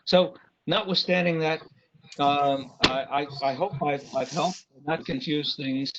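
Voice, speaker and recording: A man's voice: fairly high pitch, background noise. Impassioned man at a public meeting. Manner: impassioned, apologetic, halting restarts. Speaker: RF engineer consultant. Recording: dull lo-fi meeting recording.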